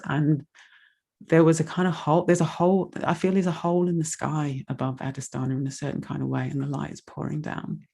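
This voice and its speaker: A woman's voice: low-pitched, fairly even intonation, fairly quick, vocal fry, darkish tone, husky. A woman giving a heartfelt, rambling donation appeal in an online meditation session, emotional and close to tears. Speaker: speaker making a donation appeal.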